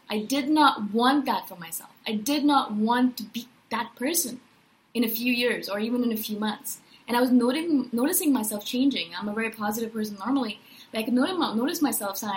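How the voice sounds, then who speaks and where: A woman in her thirties giving a casual personal monologue as a podcast host, enthusiastic and animated, often tagging her points with "right?". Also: a little high, poor audio. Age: 30s.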